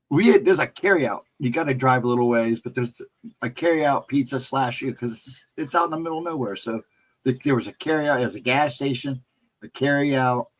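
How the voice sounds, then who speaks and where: A man hosting a laid-back livestream, chatting with viewers in an easy, conversational way. His voice sits at an ordinary middle pitch. He wanders through stories with small chuckles and restarts. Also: normal speed, poor audio. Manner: rambling anecdotal storyteller, chuckling often. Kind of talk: casual livestream chat.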